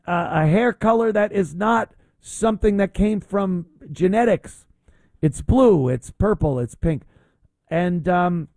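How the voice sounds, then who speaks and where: Mocking male talk host, lively pitch. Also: no echo. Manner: mocking, rambling with fillers. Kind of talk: opinionated talk show monologue.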